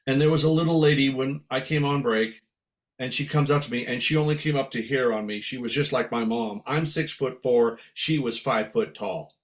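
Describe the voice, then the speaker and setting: An older man from San Francisco, a veteran musician, telling lively stories in an interview and slipping into voices. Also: mid-range voice, moderate pace. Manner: animated storyteller who slips into Irish brogue for quoted voices. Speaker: guest musician. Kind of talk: storytelling in a podcast interview.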